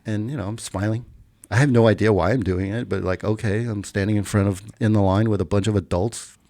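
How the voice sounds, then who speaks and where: A middle-aged man with a low, gravelly voice tells a personal story in a relaxed, casual way. He gets animated when he acts out the quotes in his story. The recording is close and dry, with no room sound. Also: a little fast, no echo. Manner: animated when acting out quotes, laughs while telling. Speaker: podcast guest.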